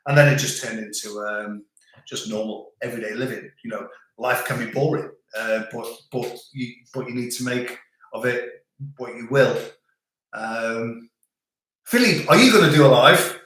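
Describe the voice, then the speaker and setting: A man's voice: medium pitch, moderate pace, a bit bright. Middle-aged british guy rambling through live chat comments, lots of ums, big echoey room. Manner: rambling, with frequent restarts and filler. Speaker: channel host reading live chat. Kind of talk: casual live stream chat.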